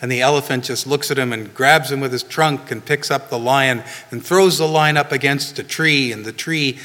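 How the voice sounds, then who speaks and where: Pastor guy preaching casual-like, lots of "you know", bright voice, big reverb in the church. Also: medium pitch, steady tone, normal speed. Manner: conversational, frequent "you know" and "right?" asides. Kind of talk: sermon. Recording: long reverb of a hall.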